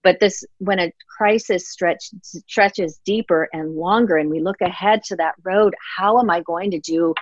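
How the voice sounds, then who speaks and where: A middle-aged woman appears as an author guest in a reflective interview, earnest and heartfelt, often acting out things she said in the past. Her voice is on the low side and a little slow, with hardly any pauses. The recording is dry and a little dull, with no room sound.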